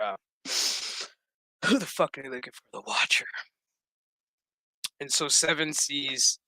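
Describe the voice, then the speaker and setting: A man's voice: mid-range voice, pushed and bright, no room sound. A man giving a rambling, profane recap of a TV episode, acting out the characters' lines as he goes. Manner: rambling, profane, acts out quotes. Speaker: show recap reviewer.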